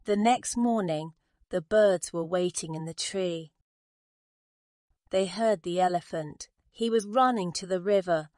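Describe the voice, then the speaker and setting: A woman's voice: lowish voice, darkish tone, no echo, studio quality. A woman narrating a simple graded reader story in a careful, plain way. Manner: slow, careful, simple wording.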